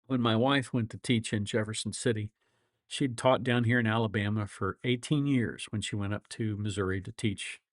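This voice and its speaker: A man's voice: on the low side, fairly even intonation, normal speed, no echo. Chuckling middle-aged man, dry close sound. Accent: flat Midwestern. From grew up all over the world. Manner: rambling, chuckles often, folksy anecdotes. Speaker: lawyer and livestream host. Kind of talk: casual livestream chat.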